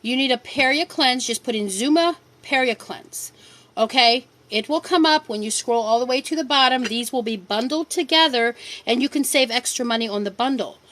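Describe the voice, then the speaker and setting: On the high side and a bit bright, this woman's voice moves at a moderate pace, with a little hiss or hum in the recording. She's a middle-aged livestream host selling supplements, fielding viewer questions in a firm, direct manner and hammering home key points by repeating them.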